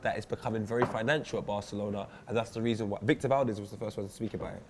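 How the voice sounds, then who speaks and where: A man argues football at a rapid clip in a slightly low voice. He is opinionated and slangy, talking over a faint hum of room noise in an office. He sounds like a co-host in a relaxed debate.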